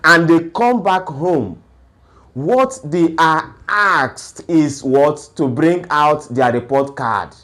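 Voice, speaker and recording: A man's voice: on the high side, expressive, slow pace, a bit bright. A man giving a lecture-style talk on education, asking rhetorical questions and then answering them. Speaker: education speaker.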